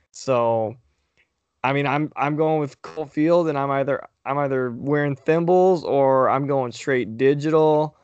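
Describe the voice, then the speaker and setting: A man's voice: mid-range voice, normal speed, no echo, lo-fi sound. A man co-hosting a podcast, telling stories in a profane, emphatic way during casual banter. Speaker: podcast co-host.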